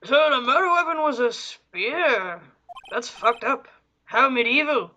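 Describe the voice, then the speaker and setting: A woman's voice: a little high, animated, unhurried, sharp tone. A woman streaming a game, chatting casually, swearing and reading the game's text aloud. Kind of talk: casual let's-play chat. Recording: faint game music behind.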